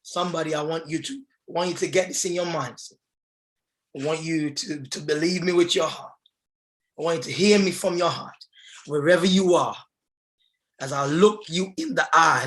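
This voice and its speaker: Man, motivational speaker, preacher cadence, fervent, shouting, call-and-response. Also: fairly high pitch, moderate pace. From England. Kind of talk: preacher-style motivational speech.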